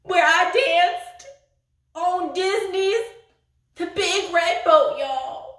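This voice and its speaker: A woman's voice: very high voice, animated, very slow, a bit bright, echoey room, far from the mic, full character voice. A woman doing a mocking impression of a real activist in a parody monologue, drawling with sing-song fake crying and lots of "y'all.". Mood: smug boasting. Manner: drawling, says y'all a lot.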